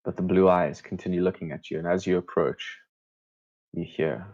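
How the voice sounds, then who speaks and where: A man narrating a tabletop game as game master, slow, measured and hushed. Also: sits low, fairly even intonation, dull audio.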